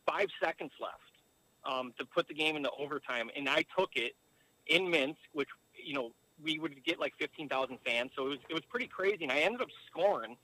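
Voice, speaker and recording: Recorded roughly, a man from the United States who once played pro hockey spins a long, rambling tale as a podcast guest, heavy on fillers and digressions. His slightly high voice sounds pushed and bright.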